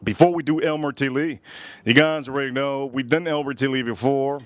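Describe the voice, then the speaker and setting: A man's voice: medium pitch, fairly even intonation, brisk, a bit bright. An American man hosting a casual live stream at his backyard grill, rambling and repeating himself with lots of fillers. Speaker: livestream host.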